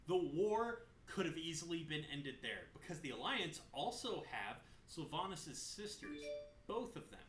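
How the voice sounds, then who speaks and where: A man hosts a casual lore recap, animated and blunt, and he swears as he goes off on tangents. His voice sits fairly high, swings a lot, and sounds bright. The recording is roomy, with a faint hum underneath. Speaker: gaming lore video host. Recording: roomy echo, faint room noise.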